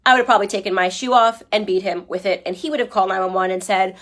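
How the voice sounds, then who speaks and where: A woman's voice: mid-range voice, racing, few pauses, fairly bright tone. A woman giving opinion commentary to a livestream audience. She talks emphatically and argumentatively, ends her points with "okay?" and keeps asking her viewers pointed rhetorical questions. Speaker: political commentator.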